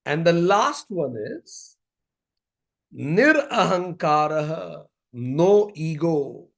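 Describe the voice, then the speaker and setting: A man giving a spiritual yoga talk at a symposium, telling stories and repeating key phrases deliberately. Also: fairly high pitch, big pitch swings, creaky, fairly bright tone. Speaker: yoga speaker.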